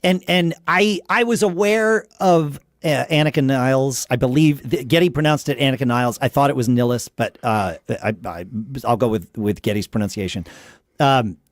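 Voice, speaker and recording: A man's voice: medium pitch, moderate pace, dry recording, clean studio sound. A man hosting a casual podcast conversation, thinking aloud with frequent restarts and tangents. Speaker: podcast host.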